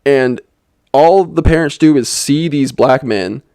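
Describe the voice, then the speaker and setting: A man's voice: mid-range voice, unhurried, mellow, no echo. A young man giving a sarcastic, rambling comedic movie review, with lots of "like" fillers. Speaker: film reviewer. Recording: dry voice-over.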